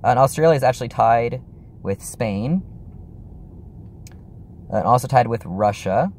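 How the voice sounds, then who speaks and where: A man's voice: medium pitch, animated, unhurried, darkish tone, a little hiss or hum. A young man chatting casually in a vlog, rambling and apologetic, with lots of fillers and restarts. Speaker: YouTuber.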